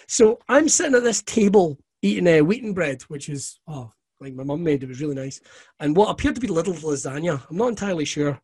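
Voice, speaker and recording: A man's voice: on the high side, brisk, slightly rough. Profane man spinning yarns. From Scotland. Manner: profane, animated anecdotes with laughter. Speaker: guest. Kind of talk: casual storytelling.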